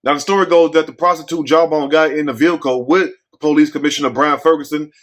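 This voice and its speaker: A man's voice: fairly high pitch, fairly even intonation, fast. A man hosting a casual commentary show, telling a story bluntly with jokes and rhetorical questions to his audience.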